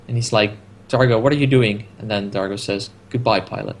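A man's voice: on the low side, fairly even intonation, a little fast, a little hiss or hum. A man co-hosting a casual podcast, chiming in with dry remarks and jokey asides about a TV episode. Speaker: podcast co-host. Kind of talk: casual chat.

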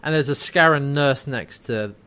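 A man's voice: mid-range voice, normal speed. A man co-hosting a casual chat, recapping a TV episode scene by scene with easy laughs. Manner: relaxed, laughs often, narrates scenes and quotes characters. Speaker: podcast co-host recapping a TV episode.

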